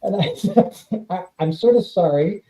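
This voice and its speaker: A high male voice at normal speed, with faint music behind, belongs to a California actor and author chatting as a guest. He's an animated storyteller who performs the voices he quotes in this casual interview. The remote recording sounds dull and roomy.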